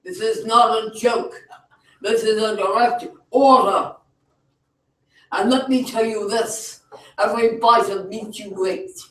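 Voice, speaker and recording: A man performing spoken word poetry at an open mic, theatrical, moving from hushed lines to shouting. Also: sits high, takes it slowly, pauses often. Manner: theatrical, swinging from quiet to shouting. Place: cafe venue. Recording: echoey room, mic far off.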